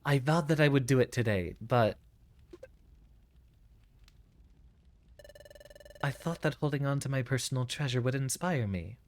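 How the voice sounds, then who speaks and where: Brief: man doing a timid young creature hero, nervous and hesitant, very animated pitch. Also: a little fast, natural voice. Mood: discouraged. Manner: nervous, hesitant, self-doubting. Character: timid young male creature hero, cowardly but hopeful.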